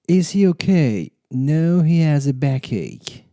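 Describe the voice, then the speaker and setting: A man reading English lesson phrases and example sentences in a slow, deliberate drill style. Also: a little high, sing-song, dark tone, no echo, studio quality. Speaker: English teacher.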